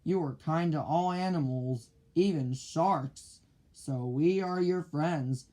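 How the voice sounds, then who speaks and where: A man voicing a big male shark, friendly to the doctor but menacing to pirates, speaking slowly and deliberately in a children's storybook reading. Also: a little high, warm tone. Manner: slow, deliberate.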